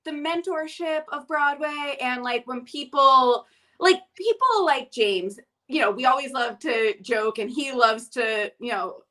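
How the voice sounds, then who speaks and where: A woman hosting an interview on a video call, speaking with warm, gushing enthusiasm. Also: sits high, lively intonation, a little slow. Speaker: host. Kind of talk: casual interview chat.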